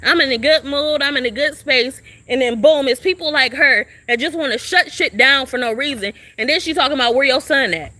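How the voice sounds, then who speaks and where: A young livestreamer vents on her phone outside a shelter, swearing, picking a fight and repeating the same questions again and again. She speaks briskly with few pauses, her voice sitting high with a bright, forceful tone.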